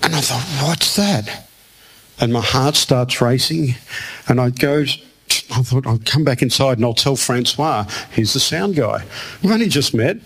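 A man's voice: medium pitch, normal speed, vocal fry, a bit bright, slightly rough. A man preaching a sermon to a room, telling a personal story and acting out the other people's lines. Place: church hall with audience.

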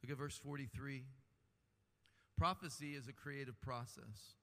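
A man preaching a sermon with animated delivery and humorous asides. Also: medium pitch, unhurried. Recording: long hall reverb.

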